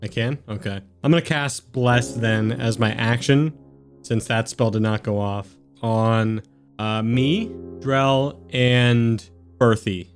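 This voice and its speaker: Man in a tabletop game, casual, middle pitch, explains rules step by step, faint music. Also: fairly even intonation, slow pace. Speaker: player.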